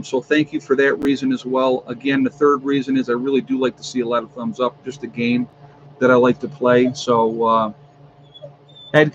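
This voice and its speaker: A man's voice: medium pitch, highs cut off, slight background noise. A man hosting a casual livestream from home, chatting with his viewers and filling his talk with ums and uhs. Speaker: livestream host.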